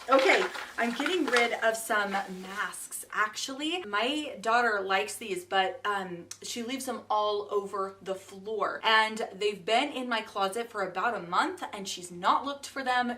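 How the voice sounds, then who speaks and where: A woman in her thirties chatting casually in a home vlog, upbeat and quick to laugh, sorting through her things. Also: fairly high pitch, pushed and bright, recorded from a distance, a little hiss or hum. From Utah. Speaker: home organizing vlogger.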